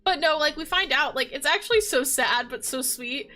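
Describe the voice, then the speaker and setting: A woman's voice: high-pitched, normal speed, pushed and bright, soft background music. A woman chatting casually as a gaming vlogger, gushing and rambling with lots of fillers. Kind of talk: casual chat.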